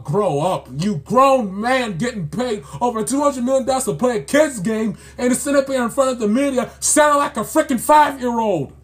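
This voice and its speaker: A man's voice: very high voice, normal speed, hardly any pauses. A man ranting in sports commentary, exasperated and scolding, repeating himself as he builds his point.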